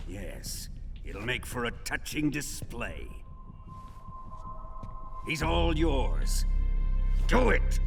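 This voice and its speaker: Cast: a cruel, domineering colonel who relishes menace, pitch swinging wide, slow, reverb-soaked with game music under. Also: male voice, creaky, exaggerated voice. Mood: gloating. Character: cruel hulking male colonel, sadistic and commanding. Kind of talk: video game cutscene acting. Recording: game audio with reverb and score.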